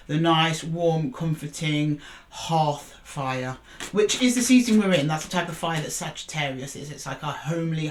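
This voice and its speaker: A woman's voice: low voice, background noise. A woman giving a casual tarot reading, chatty and coaxing as she calls for cards and talks to her viewers. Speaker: tarot reader.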